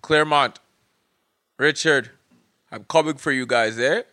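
A man in his thirties hosting a casual podcast chat, laughing often and shouting out listeners. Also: a little high, a little slow, no room sound. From Canada. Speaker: podcast host.

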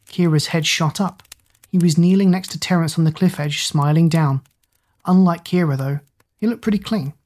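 A woman reading a children's adventure story aloud as narrator, steady and expressive. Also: low-pitched, moderate pace.

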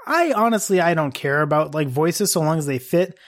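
A podcast host thinking out loud in a casual discussion, raising questions at length. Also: mid-range voice, expressive, fairly quick. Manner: musing, questioning, long-winded.

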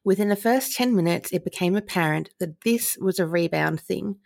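Gravelly-voiced woman reading stories. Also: lowish voice, moderate pace, darkish tone, no room sound. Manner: amused, chatty, laughs often. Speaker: podcast co-host reading listener stories. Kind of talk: casual chat, reading stories aloud.

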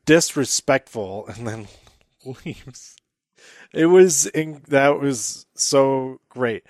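A man's voice: medium pitch, dry recording, studio quality. A man hosting a casual solo recap, rambling with many fillers and laughing at his own jokes. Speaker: podcast host recapping wrestling.

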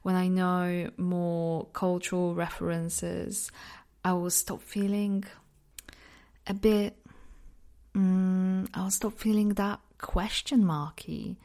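A woman's voice: on the low side, flat delivery, takes it slowly, dark tone. A woman from Poland with an accent that mixes Polish and British, hosting a reflective solo podcast in a candid, self-deprecating way, laughing often. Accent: mixed Polish-British. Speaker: podcast host.

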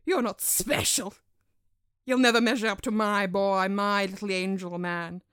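A woman playing a snobbish, scornful mother who talks slowly and haughtily in a comedy sketch. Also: medium pitch, fairly even intonation, fairly bright tone, clear, resonant tone, no echo, studio quality, lightly acted. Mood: haughty. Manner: slow, haughty, insulting.

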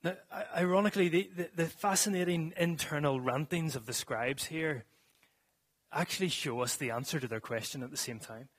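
A man's voice: on the high side, normal speed, husky. A man preaching a sermon to a congregation in a church, reading scripture and then explaining it earnestly, with some restarts.

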